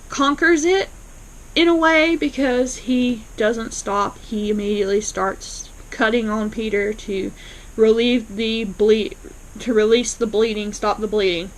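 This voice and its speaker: A woman casually recapping a TV episode, retelling scenes with quick quoted lines and frequent fillers. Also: a little high, low-quality recording. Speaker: TV episode reviewer.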